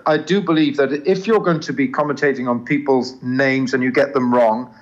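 An older man, a cricket commentator, talking earnestly in an interview, with a smooth English accent carrying traces of Southern African and many restarts. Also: medium pitch, fairly even intonation, normal speed, lo-fi sound. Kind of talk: interview conversation.

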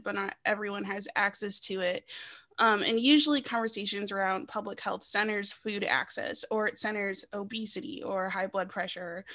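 A woman's voice: mid-range voice, sharp tone. A woman hosting a podcast, talking in a reflective, conversational way with many fillers. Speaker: podcast host. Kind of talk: casual podcast chat.

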